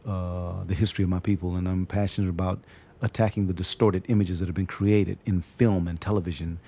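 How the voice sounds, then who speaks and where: A man's voice: low-pitched, flat delivery, warm tone, breathy edge. A man being interviewed about his acting work, talking casually, restarting and repeating words as he goes. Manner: halting, repeats words, demonstrates voices. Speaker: actor, interview guest.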